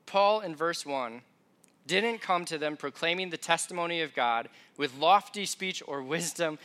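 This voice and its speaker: A young male preacher gives a sermon in a conversational, self-deprecating storytelling style. His voice is high for a man, bright and forward.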